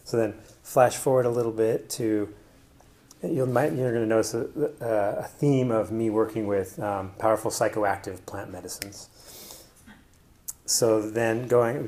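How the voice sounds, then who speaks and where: A man's voice: fairly low pitch, darkish tone. A man presenting to an audience in a casual personal style, rambling with many fillers and restarts. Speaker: conference presenter.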